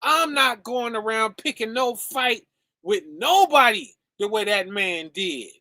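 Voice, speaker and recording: This streaming preacher has a high voice and talks a little slowly, delivering a relaxed, conversational sermon. He keeps checking in with "right?" and "okay?" and calls his audience "y'all" and "fam." The recording is dry and studio quality.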